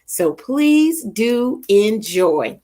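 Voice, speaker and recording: A woman's voice: on the high side, extremely slow. A middle-aged woman, hosting a casual live stream and chatting with viewers by name. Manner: lively, chatty, greets viewers by name, Southern church expressions. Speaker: livestream host.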